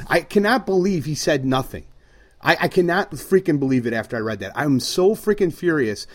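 A man's voice: a little high, expressive, a little fast. An older man ranting heatedly on a sports podcast, swearing often and getting worked up. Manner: fiery, ranting, swears a lot. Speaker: podcast co-host.

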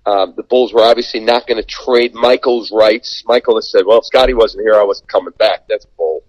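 A man's voice: fairly low pitch, fairly quick, dry recording, muffled recording. A man who works as a sports radio and TV broadcaster, telling an anecdote in a casual podcast chat and acting out the quoted voices. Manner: animated anecdote teller, acts out quoted dialogue.

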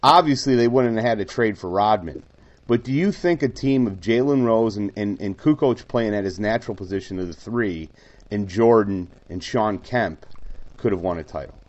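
A man co-hosting a sports chat, pressing eagerly with follow-up questions and tripping on his first words. His voice sits lower than most men's. The audio is dull and lo-fi, with little top end. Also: moderate pace.

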